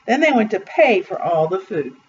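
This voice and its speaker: A woman reading a children's picture book aloud in an expressive, deliberate way. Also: mid-range voice. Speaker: storybook reader. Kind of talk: read-aloud storytelling. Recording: distant muffled recording with faint hiss.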